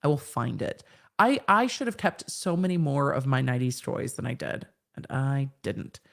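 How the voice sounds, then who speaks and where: A woman's voice: very deep voice, very animated, moderate pace, gravelly. A woman in her thirties hosting a live stream, reading viewers' chat comments aloud and answering them in a frank, chatty way.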